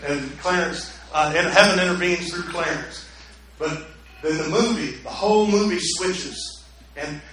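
A male preacher giving a sermon, telling a story dramatically and swinging from hushed to loud. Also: a little high, heavy reverb, slight background noise, poor audio.

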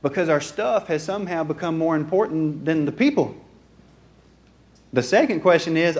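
A man's voice: fairly high pitch, lively intonation, moderate pace. A man, preaching a folksy, joking sermon in church and acting out everyday dialogue. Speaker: pastor. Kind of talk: conversational sermon. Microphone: handheld or stand mic.

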